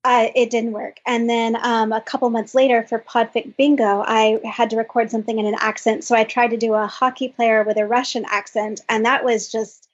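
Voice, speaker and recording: A woman co-host tells stories casually, with a wry, self-mocking touch. Her voice is fairly high and breathy. The sound is dull and lo-fi. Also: flat delivery, normal speed, hardly any pauses. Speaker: podcast co-host. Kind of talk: casual podcast chat.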